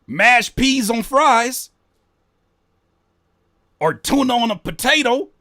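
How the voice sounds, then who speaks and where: A man's voice: very high-pitched, lively intonation, takes it slowly, sharp tone, no echo, studio quality. A man hosting a reaction video, joking, cursing in slang and rereading lines aloud. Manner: profane slang. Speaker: reaction host. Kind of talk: casual reaction commentary.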